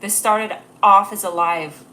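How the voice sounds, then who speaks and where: A woman's voice: medium pitch, steady tone, unhurried, bright, forceful tone, a little hiss or hum. Bubbly young woman rambling on a livestream. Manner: bubbly, rambling, laughs at own jokes. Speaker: livestream host. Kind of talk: casual livestream chat.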